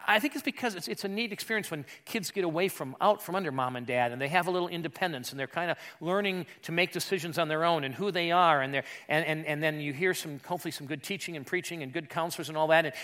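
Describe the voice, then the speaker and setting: A male pastor delivering a sermon in a slightly high, bright, forceful voice. He tells stories conversationally and often restarts with "and". He moves from hushed asides to loud, emphatic peaks.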